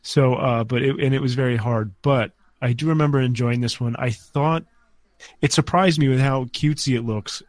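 A man's voice: mid-range voice, normal speed, dry recording. A man co-hosting a casual podcast, easygoing with hesitant fillers. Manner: easygoing, hesitant, short agreements. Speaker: podcast co-host.

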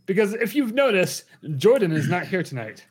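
A man hosting a comedy podcast, playful and quick to laugh in casual banter. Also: sits high, sing-song, husky. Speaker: podcast host.

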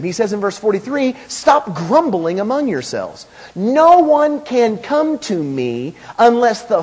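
Casting: husky-voiced male pastor, high, lively delivery, emphatic sermon style. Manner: animated, emphatic preaching with quotes and asides.

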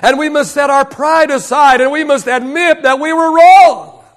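At a church service, a male pastor with an extremely high-pitched voice preaches to his congregation at a moderate pace. He repeats key phrases for emphasis and leads the people in call-and-response.

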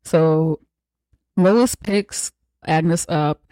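A podcast host recapping a film in a loose, profane, storytelling way, dropping into quick voices for the characters. The voice is mellow and warm, and it sits close and dry with no room sound around it. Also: medium pitch, no room sound. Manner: acts out characters' lines mid-story.

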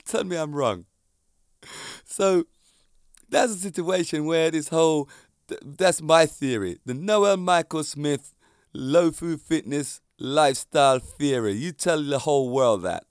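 A man's voice: a little high, a little slow, clean tone, dry recording. Emphatic middle-aged man, dry sound. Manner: emphatic and preachy, fires rhetorical questions, laughs at his own jokes. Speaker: podcast host and fitness coach. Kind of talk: casual podcast monologue.

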